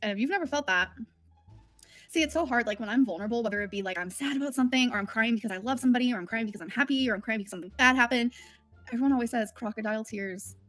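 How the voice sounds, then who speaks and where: With faint music playing behind her, a woman livestreams from home, rambling candidly and emotionally in casual chat. Her voice is on the high side and fairly bright, and she speaks at a racing pace.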